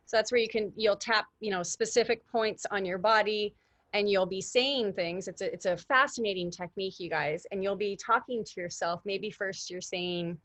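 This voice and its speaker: A woman's voice: medium pitch, moderate pace, a bit bright, no room sound. A woman in her thirties hosting an online workshop over a video call, chatty and enthusiastic, with lots of fillers and restarts. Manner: enthusiastic, addresses listeners as "you guys". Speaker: workshop host. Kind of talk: casual online workshop talk.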